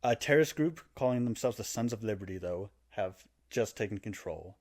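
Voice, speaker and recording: A man's voice: fairly low pitch, a little fast. Man animatedly retelling a game plot. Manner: animated storytelling, acting out character lines with laughs. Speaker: podcast co-host explaining a game plot. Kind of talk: casual chat.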